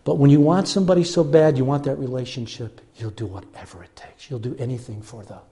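An older man from Chicago, a pastor telling a self-mocking personal story in an animated storytelling sermon. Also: medium pitch, quick pace, breathy edge. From Chicago, USA.

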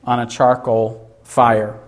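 A man preaching a sermon, asking his listeners rhetorical questions and answering them himself with emphatic, deliberate delivery. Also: medium pitch, level tone.

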